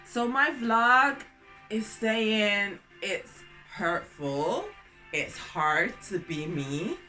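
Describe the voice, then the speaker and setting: Bright lively woman in her 30s vlogging, all over the place, laughs a lot, faint music behind. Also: medium pitch, extremely slow. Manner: excitable, jumps between topics, laughs often. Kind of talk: casual vlog to camera.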